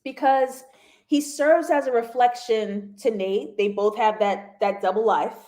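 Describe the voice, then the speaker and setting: A woman hosting a casual livestream TV review, animated and laughing often as she talks to her viewers. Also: on the high side, a little slow. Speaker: TV review host.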